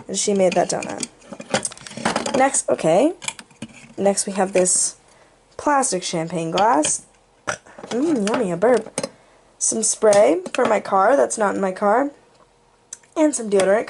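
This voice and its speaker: Amid a noisy background, a young vlogger gives a goofy, playful tour of her bedroom for her channel, slipping in jokes along the way. Her voice is medium-pitched, and she sounds out of breath.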